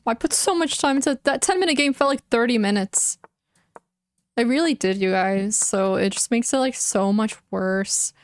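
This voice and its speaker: A woman's voice: fairly high pitch, normal speed, no echo, studio quality. A young adult woman streaming chess, chatting casually and emotionally with her viewers and often using "like" as a filler. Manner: emotional, talks to her chat, frequent "like" fillers. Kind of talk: casual live-stream chat.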